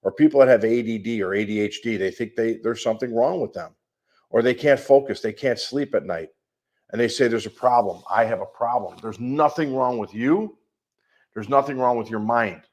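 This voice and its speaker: A man's voice: mid-range voice, moderate pace, a little mellow. A middle-aged man with a Midwestern American accent, speaking as a life coach on a coaching call. He talks emphatically and piles up long repeated lists.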